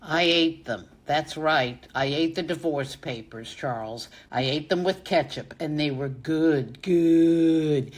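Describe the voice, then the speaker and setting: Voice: mid-range voice, slow, hardly any pauses, natural voice. An actor performing a dramatic monologue as a desperate, lovesick wife facing divorce, swinging between forced laughter and tears. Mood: pleading, unhinged.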